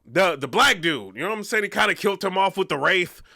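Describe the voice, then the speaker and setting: A man's voice: high-pitched, animated, fast, vocal fry, sharp tone, no echo, studio quality. A man hosting a casual commentary vlog, rambling and peppering his talk with "you know what I'm saying.". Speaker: vlog host.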